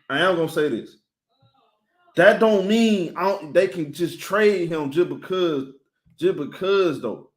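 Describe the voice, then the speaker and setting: Animated man hosting a sports live stream. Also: high voice. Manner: animated, talks straight to chat viewers, shouting them out.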